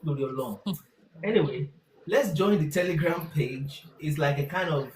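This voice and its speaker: A man, a pastor hosting a loose conversation, tells stories and drops into quick quoted asides. His voice carries a noticeable room echo. A faint hiss sits underneath. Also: on the high side, darkish tone. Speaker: pastor and host. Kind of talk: casual discussion.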